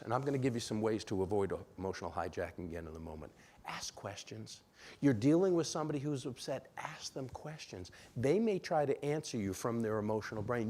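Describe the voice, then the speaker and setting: A man from Rhode Island giving a relationship seminar in a church, animated and acting out bits of dialogue. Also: a little hiss or hum. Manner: animated, acts out dialogue with sudden pitch jumps. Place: church sanctuary.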